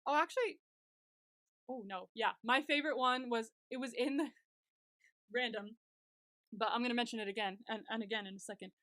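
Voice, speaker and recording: A young woman co-hosting a podcast gushes chattily while recapping a TV episode, saying "like" a lot. Her voice is a little high, pushed and bright, at normal speed with frequent pauses. The recording is dry and studio quality.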